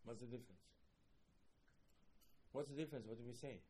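A man teaching a Torah class, animated and rhetorical, asking questions and reciting passages quickly. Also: medium pitch, slight background noise.

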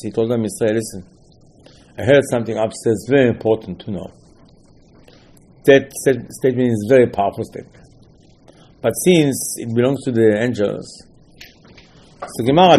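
A man's voice: mid-range voice, darkish tone. A man gives an informal religious lesson as a rabbi. He talks emphatically, repeating key phrases and throwing out rhetorical questions. His English grammar is a little broken. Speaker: rabbi teaching a Torah class.

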